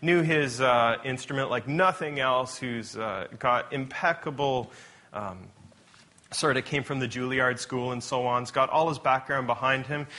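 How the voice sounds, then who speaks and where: Telling stories at a measured pace, a pastor preaches in an easygoing, conversational style with a mid-range voice. He frequently restarts his sentences and corrects himself along the way.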